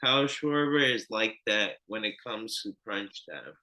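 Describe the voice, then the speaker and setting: Bright-voiced man talking sports bets. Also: lowish voice, unhurried, rough recording. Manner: loose, profane, repeats himself. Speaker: podcast co-host. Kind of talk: casual sports betting chat.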